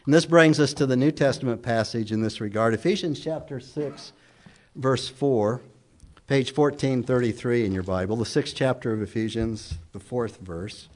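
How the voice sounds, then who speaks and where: A man's voice: medium pitch, normal speed, darkish tone. A man preaching a sermon as pastor, reading scripture aloud with emphatic, questioning delivery. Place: church sanctuary.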